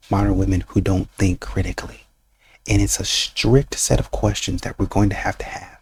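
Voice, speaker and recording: A man's voice: sits low, fairly even intonation, moderate pace, slightly rough, no echo. A man hosting a reaction channel, giving sarcastic, mocking commentary in a casual way.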